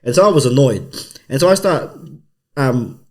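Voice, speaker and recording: A comedian and podcast co-host with a mid-range voice tells a story at normal speed in casual conversation. He's an animated storyteller who acts out the voices of the other people involved.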